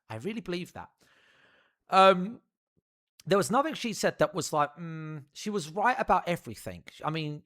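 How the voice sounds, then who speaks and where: A man's voice: a little high, fairly bright tone. A young man telling a rambling, profane story to his live stream audience.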